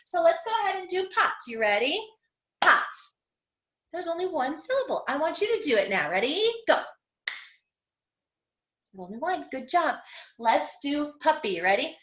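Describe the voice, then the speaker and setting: A woman teaching young children an online phonics lesson, sounding out letters slowly in an encouraging, sing-song way. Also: high voice, very animated, echoey room. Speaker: kindergarten teacher. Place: home room.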